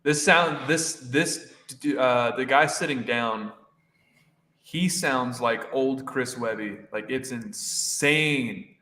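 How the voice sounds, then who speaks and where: Excitable man in an echoey room. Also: mid-range voice, slow pace. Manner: excitable, swears casually, laughs often. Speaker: stream co-host. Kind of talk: casual reaction chat. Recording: roomy echo.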